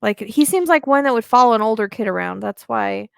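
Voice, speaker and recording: Creaky-voiced woman doing a rambling psychic reading. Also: a little high, animated, brisk, no room sound, studio quality. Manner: hesitant, rambling with many fillers. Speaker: psychic medium.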